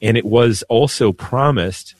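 A man's voice: medium pitch, measured pace, no echo. A man, a priest, speaking earnestly on a radio talk show, often repeating words as he gathers his thoughts. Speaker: priest guest.

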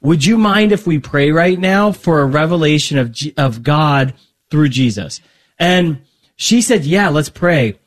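A man with a fairly high voice, chatting casually as a guest about his faith. He rambles a bit, restarts his sentences and slips into quoted back-and-forth dialogue as he tells stories. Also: expressive, measured pace. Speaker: podcast guest.

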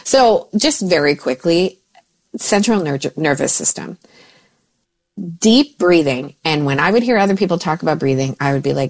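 Lively, animated mother and mindset coach. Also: normal speed. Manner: animated, jumps into high excited voices when quoting herself. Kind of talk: casual podcast chat.

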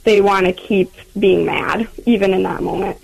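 A woman's voice: mid-range voice, normal speed, gravelly, a little mellow, husky, no room sound, low-quality recording. A young mother calling in to a radio show, speaking hesitantly with many ums and likes. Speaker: caller, mother of two. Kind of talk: phone-in call.

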